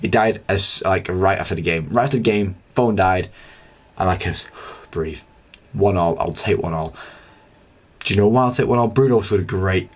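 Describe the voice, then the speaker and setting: A young man with a low, deep voice talks through the weekend's football on his own channel. He rambles in a loose, excitable way, full of fillers and asides. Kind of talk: casual solo football recap.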